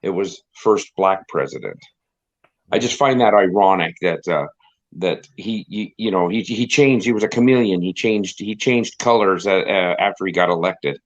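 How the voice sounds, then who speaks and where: Low-voiced middle-aged man, rambling. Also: moderate pace. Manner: rambling, repeats himself, wry. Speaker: stream co-host. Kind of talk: casual chat on a live stream. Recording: slightly dull lo-fi stream audio.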